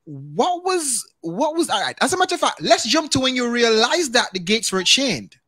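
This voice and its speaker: Lively high-voiced male interviewer. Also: normal speed, dry recording, studio quality. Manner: steers the guest, repeats and clarifies. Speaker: interview host. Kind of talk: interview questioning.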